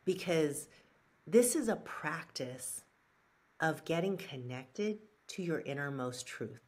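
A woman with a low voice answers an interviewer in an unhurried way. She sounds earnest and reflective, working her thoughts out with restarts and fillers. She takes her time over each point. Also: animated, darkish tone, slightly rough. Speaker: guest, brand strategist and author.

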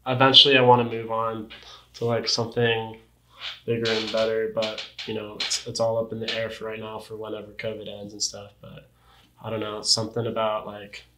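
A man's voice: on the low side, completely flat delivery, brisk, pushed and bright, reverberant, slight background noise, low-quality recording. A young man chatting casually as an interview guest, laid-back, full of surfer slang and "like". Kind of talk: casual chat.

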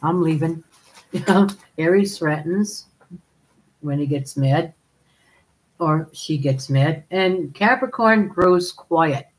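A woman's voice: deep voice, takes it slowly, long pauses, poor audio. A woman hosting a live stream, chatting casually, laughing often and calling viewers darling as she reads their comments.

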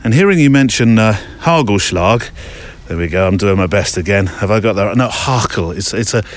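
A man's voice: lowish voice, lively intonation, fast talker. A man hosting a podcast while out walking, chatting and reading listener emails, recorded with a handheld recorder outdoors. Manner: chatty, rambling, reads listener emails aloud. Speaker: podcast host. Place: outdoors on a country walk. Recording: faint outdoor ambience.

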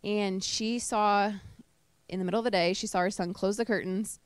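A woman speaks to a small audience in a relaxed, chatty way, full of fillers and quick asides. Her voice sits in a middling register, and the sound is dry and close. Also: medium pitch, smooth, no echo. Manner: chatty, emotional, with fillers and laughter. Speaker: service dog trainer giving a talk. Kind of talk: informal presentation to a live group. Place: indoor talk to a small audience.

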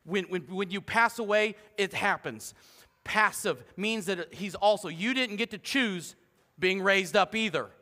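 A middle-aged man, preaching a lively, joking sermon as pastor and swinging between loud calls and hushed asides. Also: high-pitched, measured pace. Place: church sanctuary. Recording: long hall reverb.

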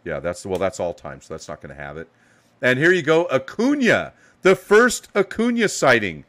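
A man's voice: medium pitch, huge pitch swings, normal speed, a bit bright. A man hosting a live card box break, hyping each card as he pulls it and giving players playful nicknames. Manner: hype, calls out cards with playful nicknames.

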